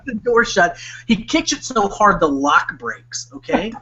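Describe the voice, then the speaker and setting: A young male podcast co-host with a high-pitched, sharp, slightly breathy voice tells a story at a moderate pace, very animated. In casual chat he rambles, leans heavily on "like," and breaks into bursts of laughter, all on dull lo-fi podcast audio.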